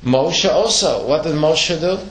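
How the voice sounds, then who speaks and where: A man's voice: fairly high pitch, lively intonation, unhurried, fairly bright tone. A man teaching a Torah lesson to a class, asking questions and telling stories with acted-out quotes. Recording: echoey room.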